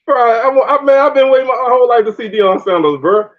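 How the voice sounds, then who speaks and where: Guy in his 30s, high voice, keeps laughing thru his stories, kinda muffled recording. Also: brisk. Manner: laughs often, animated storytelling. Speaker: podcast host. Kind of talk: casual sports chat.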